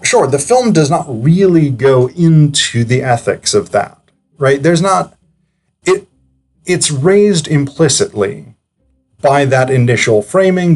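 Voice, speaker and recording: A man's voice: on the high side, a little mellow. A man giving casual, analytical commentary as a film reviewer, chatty and digressive, with frequent hesitations.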